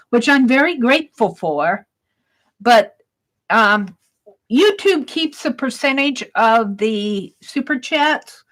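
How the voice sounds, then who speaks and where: A woman's voice: on the high side, fairly bright tone, low-quality recording. A woman hosting an art livestream, chatting casually with her viewers and telling a story while she crafts, in a rambling, giggly way.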